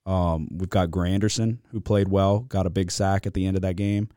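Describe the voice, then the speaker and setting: A man with a very low voice hosts a casual sports podcast. He talks in a loose, animated way and swears freely. The sound is dry and close. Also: normal speed, clear, resonant tone, no room sound. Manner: animated, profane, venting. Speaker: podcast host.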